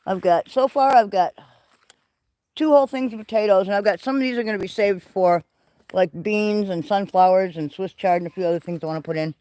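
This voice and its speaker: A man hosting a livestream, walking through his greenhouse and garden and chatting in an excitable, rambling way. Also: sits high, fairly quick, dry recording. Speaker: livestream host. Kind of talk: casual walking garden tour. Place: greenhouse and garden, partly outdoors.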